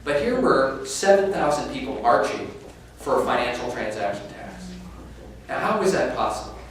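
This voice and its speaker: A man's voice: medium pitch, sing-song, normal speed. A man giving a public talk to a conference audience, telling a story and speaking directly to the listeners. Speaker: keynote speaker on inequality. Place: conference room. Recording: echoey room from far off, faint noise.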